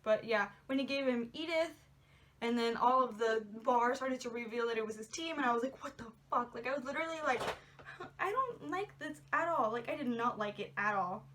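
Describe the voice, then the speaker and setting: A woman's voice: a little high, expressive, normal speed, fairly bright tone, a little hiss or hum. A young woman chatting casually in a movie review, gushing and giggly, rambling with lots of "like"s. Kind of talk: casual spoiler review chat.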